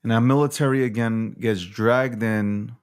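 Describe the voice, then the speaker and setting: A man's voice: mid-range voice, steady tone, moderate pace, clear, resonant tone. A man hosting a nightly recap show, ranting angrily with lots of swearing and repetition. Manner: heated, profane, repetitive. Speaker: host. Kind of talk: angry on-camera rant.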